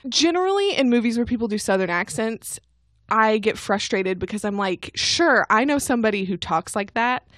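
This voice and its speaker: A woman from Kentucky co-hosting a casual podcast, animated and laughing often. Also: a little high, a little fast, no echo, studio quality. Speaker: podcast co-host. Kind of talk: casual chat.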